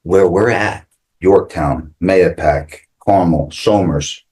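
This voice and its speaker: Low-voiced pizza shop guy, chatty, telling stories on a podcast. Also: slow pace, darkish tone. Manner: chatty, full of "like" and acted-out quotes. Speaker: pizzeria owner, guest. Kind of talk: casual storytelling.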